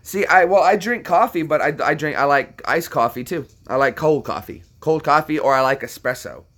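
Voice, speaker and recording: A man's voice: a little high, moderate pace, a bit bright. A man chatting casually to camera in a rambling vlog, trailing off and restarting. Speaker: vlogger.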